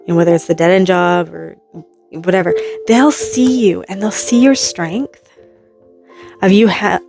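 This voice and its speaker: A woman giving a casual, rambling tarot reading to her viewers, acting out imagined reactions in quick quotes. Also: on the low side. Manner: rambling, animated, full of hypothetical quotes. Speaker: tarot reader.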